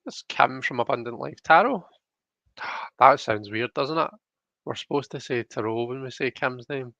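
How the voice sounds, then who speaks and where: A man's voice: mid-range voice, fairly even intonation, normal speed, vocal fry, bright, forceful tone, dry recording. A young Scottish man hosting a live stream, chatting casually and reading out viewer comments with lots of fillers. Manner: rambling, chatty, frequent fillers.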